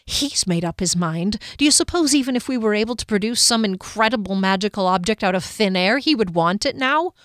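A woman's voice: mid-range voice, expressive, brisk, few pauses, a bit bright, dry recording, clean studio sound, natural voice. A woman voicing a defiant young heroine. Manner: blunt, defiant. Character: defiant young woman adventurer, blunt and stubborn.

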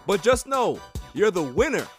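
A man hosting a solo sports podcast, ranting in an animated, mocking way and laughing as he goes. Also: high-pitched, takes it slowly, soft background music. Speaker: podcast host.

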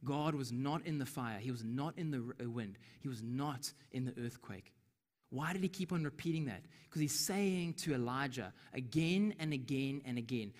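A man delivers a sermon in a somewhat high voice, talking conversationally and slipping into hushed whispers for quoted lines. His voice rings with long reverb, as from a church hall. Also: expressive, normal speed. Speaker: preacher.

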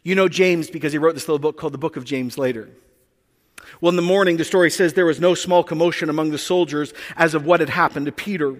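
A man's voice: fairly high pitch, fast talker. A man preaching a sermon, telling the story with animation and acting out the characters. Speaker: pastor. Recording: long hall reverb.

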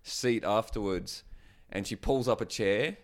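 A man's voice: on the low side, measured pace. A man, a stand-up comedian, telling a story in casual chat, loose and swearing. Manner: loose, swearing, animated retelling.

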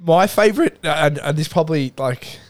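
A man's voice: on the high side, expressive, brisk. A man hosting a casual podcast chat, swearing freely and jumping in eagerly. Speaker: podcast host.

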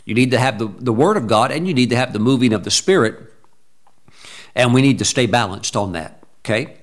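A man preaches a sermon in an average-pitched voice, pressing his points with emphasis. He breaks into short bursts of praise between thoughts. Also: lively intonation, fairly quick. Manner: emphatic, exclaims praise interjections. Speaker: pastor.

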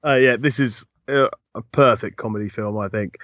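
A man giving measured opinions in a casual chat about films. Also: lowish voice, a bit bright, no echo. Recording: dry, dull lo-fi mic.

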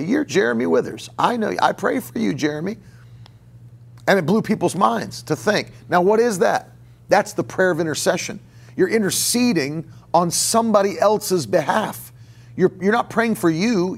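A man delivering a sermon as a pastor, with a voice pitched a little above the usual for men. He preaches conversationally, circling back and repeating phrases as he goes. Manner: conversational preaching with repetitions and restarts. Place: church.

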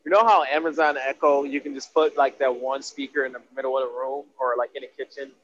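A man's voice: medium pitch, fairly even intonation, fast, fairly bright tone, dull audio, a little hiss or hum. A man co-hosting a casual truck podcast, enthusiastic and easygoing, throwing in bro often. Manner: enthusiastic, says bro a lot. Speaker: podcast co-host. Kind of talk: casual chat.

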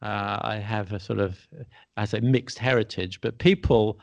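A man from England hosting a relaxed podcast conversation, laughing easily and trailing off at times. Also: fairly low pitch, moderate pace, gravelly, no echo. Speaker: podcast host. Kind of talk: casual conversation.

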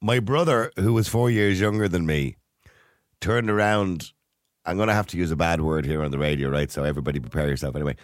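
A man's voice: deep voice, fast talker, no echo, clean studio sound. A middle-aged man hosting a casual radio chat, telling stories and laughing often. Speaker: radio host.

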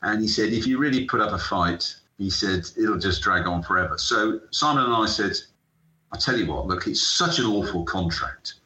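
Animated storytelling British man, echoey. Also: fairly low pitch, moderate pace. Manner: animated anecdotal, acts out dialogue. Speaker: guest, sports entrepreneur. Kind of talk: storytelling interview. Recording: echoey room, dull lo-fi sound.

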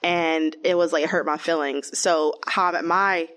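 A woman's voice: sits low, moderate pace. A young woman telling her own story in casual chat, full of "like" fillers and acted-out quotes. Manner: chatty, lots of "like", animated quoted voices. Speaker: interviewee.

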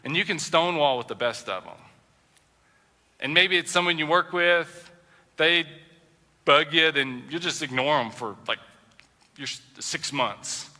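A male pastor preaching a sermon in a conversational style, acting out everyday quotes with lively shifts in his voice. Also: on the high side, a little slow, long pauses, in a large hall.

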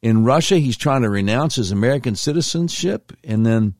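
A man's voice: mid-range voice, animated, brisk, a little mellow, dry recording, studio quality. A middle-aged man hosting a talk radio show, commenting with emphatic, incredulous asides.

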